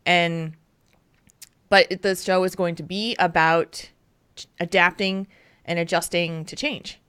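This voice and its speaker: Bright-voiced woman hosting a podcast. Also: fairly low pitch, fairly even intonation, slow pace, clear, resonant tone, no room sound, studio quality. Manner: open and candid, laughing often. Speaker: podcast host. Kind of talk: casual podcast chat.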